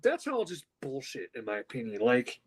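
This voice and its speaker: A man co-hosting a podcast from home, ranting loudly and angrily with a lot of swearing. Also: mid-range voice, moderate pace, slightly rough, rough recording. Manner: loud, profane, animated ranting. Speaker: podcast co-host. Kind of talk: heated podcast rant. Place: at home with his dog.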